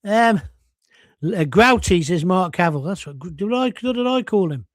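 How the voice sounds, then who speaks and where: A man's voice: sits high, expressive, moderate pace, no echo. An older man hosting a casual live stream, chatting bluntly and cheekily while reading out viewer comments.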